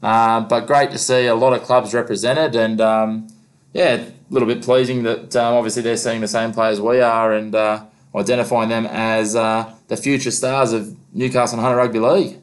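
A man's voice: medium pitch, little pitch movement, normal speed. An Australian man hosting a local sports show, talking casually and calling his co-host "mate" often. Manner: laid-back, says "mate" often.

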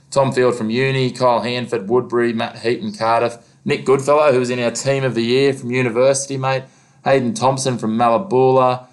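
An Australian man hosting a local sports show, talking casually and calling his co-host "mate" often. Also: mid-range voice. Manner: laid-back, says "mate" often.

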